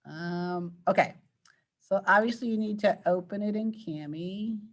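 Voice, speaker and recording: A woman's voice: medium pitch, unhurried. Patient woman teacher quizzing her class. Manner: patient, coaxing questions to students. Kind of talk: online class lesson.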